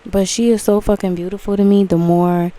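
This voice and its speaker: A woman's voice: brisk, dry recording. A woman rambling in a casual, gushing monologue to camera, full of fillers and swearing. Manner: breaks into excited high exclamations. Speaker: vlogger.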